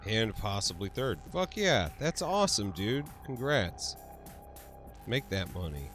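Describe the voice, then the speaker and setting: A man with a lowish voice hosts a laid-back livestream, chatting with viewers in an unhurried way. His pitch swings around a lot as he laughs and swears freely. Faint music plays behind him. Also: big pitch swings, fairly bright tone. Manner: laughs often, swears freely, answers chat. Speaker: livestream host. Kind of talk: casual livestream chat.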